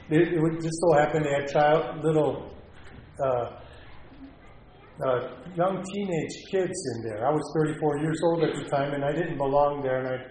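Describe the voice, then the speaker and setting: A man with a notably high voice shares his personal testimony, earnest and halting, stumbling over repeated words as he goes. He sounds roomy and echoey, with a faint hiss behind him. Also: darkish tone. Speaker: speaker sharing his recovery story.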